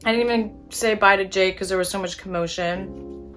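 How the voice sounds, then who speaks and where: Bright-voiced young woman telling a storytime. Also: medium pitch, fairly even intonation, normal speed, soft background music. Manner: chatty, exasperated storytelling with casual swearing. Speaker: beauty vlogger. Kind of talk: casual storytime chat while doing makeup.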